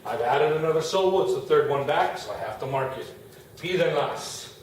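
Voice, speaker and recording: A male Spanish teacher explains a grammar lesson in a fairly high voice. He patiently stretches out example words and says them again. He sounds far from the mic, in a very echoey room with a faint hiss. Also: lively intonation, a little fast.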